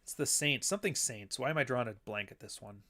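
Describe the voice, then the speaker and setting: A man's voice: mid-range voice, fast talker, sharp tone. A man hosting a casual livestream, rambling between topics and reading the chat aloud. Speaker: livestream host.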